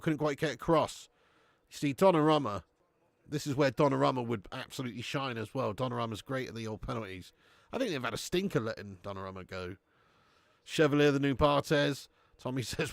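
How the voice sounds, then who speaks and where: Man, high voice, dry close mic, laddish live football watch-along, swearing, banter. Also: expressive, brisk, gravelly, no room sound. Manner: swearing, laddish banter, bursts of shouting and laughter.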